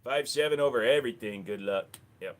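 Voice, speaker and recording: Brisk and mid-range, this man's voice carries a casual livestream where he talks loosely with viewers. He rambles and curses freely into his desk mic.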